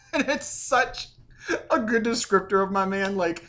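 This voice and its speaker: A man with a fairly high voice talks through a TV episode recap. His delivery is loose and chatty, packed with fillers as he rambles through the plot. He gets animated when he acts out the characters' lines. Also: slow. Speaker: show reviewer.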